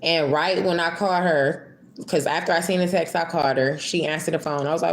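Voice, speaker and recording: A woman's voice: low-pitched, steady tone, a little fast. A young woman from Michigan vlogging a casual storytime, rambling and emotional, swearing freely.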